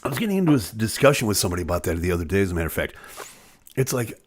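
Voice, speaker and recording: A man's voice: fairly low pitch, big pitch swings, rapid-fire. A man hosting a live online show, chatting casually with viewers and going off on joking, rambling rants.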